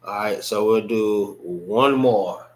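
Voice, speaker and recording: A man teaching an informal language class, slow and repetitive, casual in his talk. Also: lowish voice, far from the mic. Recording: roomy, from off-mic.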